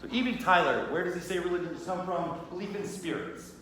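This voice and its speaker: A man's voice: high-pitched, quick pace. A man giving a casual classroom lecture on religion. He talks conversationally, often checks in with "right?", and acts out little scenes in quoted voices. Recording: very echoey room, faint background hum.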